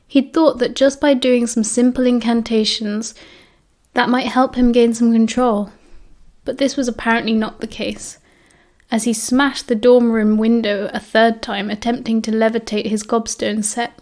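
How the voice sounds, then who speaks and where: A woman with a British accent narrating an audiobook in a steady storytelling way. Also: a little high, moderate pace. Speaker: audiobook reader.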